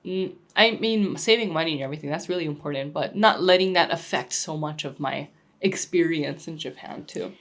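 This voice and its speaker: A young woman from Hawaii with a light Pidgin accent, co-hosting a podcast in easygoing, reflective casual chat that often trails off softly. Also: low-pitched, fairly quick. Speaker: podcast co-host.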